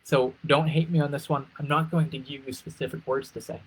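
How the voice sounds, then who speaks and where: A man coaching pageant contestants on a live stream, energetic, repeating key phrases for emphasis and swooping his pitch to demonstrate emotions. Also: fairly quick, breathy edge, rough recording. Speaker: interview coach.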